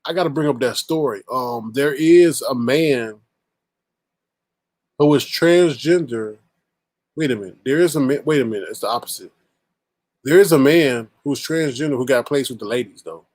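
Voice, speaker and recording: A man narrates a casual commentary show in a middle-pitched voice. He is emphatic and says his points more than once. The sound is dry and close. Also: normal speed, a little mellow, dry recording. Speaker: commentary host. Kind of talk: casual commentary over clips.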